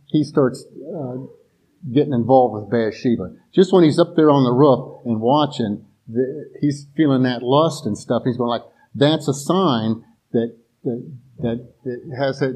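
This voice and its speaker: A man preaching in a loose, conversational way, circling back and restarting his thoughts as he goes. His voice is mellow and a little husky, and he speaks like a former police officer talking to his congregation. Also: medium pitch, unhurried, rough recording. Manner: rambling, conversational, many restarts and asides. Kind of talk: casual sermon.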